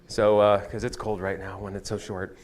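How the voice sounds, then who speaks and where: A man's voice: on the low side, level tone, normal speed, a little mellow. A man preaching a sermon as pastor, telling a candid personal story with a self-deprecating touch. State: tearful at times. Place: church sanctuary.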